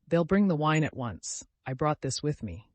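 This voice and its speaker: A man voicing a grief-stricken young man who talks in loud, impassioned, breathless outbursts. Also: on the high side, sing-song, normal speed, dry recording. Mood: frantic, overwrought.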